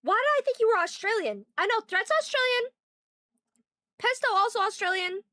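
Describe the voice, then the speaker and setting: A young woman streamer chatting fast and bubbly with her live chat, greeting viewers. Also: extremely high pitch, expressive, sharp tone, no room sound, studio quality. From Canada.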